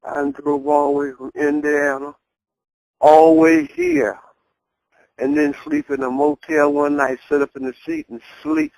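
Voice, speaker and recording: A woman's voice: low voice, moderate pace, few pauses, darkish tone, no room sound, low-quality recording. An older grandmother telling her story in a blunt, candid way and chuckling as she talks. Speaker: interviewee. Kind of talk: casual storytelling.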